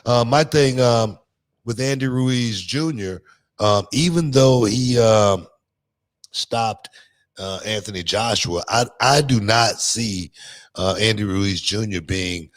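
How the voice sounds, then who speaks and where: A man's voice: on the low side, takes it slowly. Loose, rambling male podcast host. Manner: loose, filler-heavy, drawling delivery; lively, animated when telling stories. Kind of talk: casual chat and storytelling.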